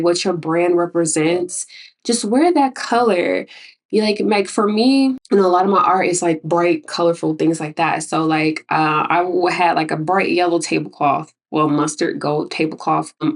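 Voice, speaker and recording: Chicago woman, lower-pitched, chatty artist giving vendor tips to camera, loose and rambling. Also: far from the mic. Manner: chatty, rambling, self-interrupting with laughs. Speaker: artist and graphic designer. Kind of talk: casual tips vlog.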